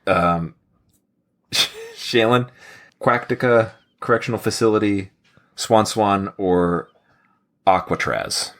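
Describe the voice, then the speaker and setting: A man's voice: lowish voice, slow, long pauses. A man hosting a casual podcast trivia game, joking around and laughing often. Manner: jokey, laughs often, animated quizmaster delivery.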